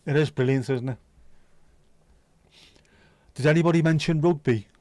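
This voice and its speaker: A man's voice: a little high, moderate pace, darkish tone, no echo. A man hosting a livestream, chatting casually with viewers and teasing them. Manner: joking, teasing, chatty banter. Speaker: livestream host.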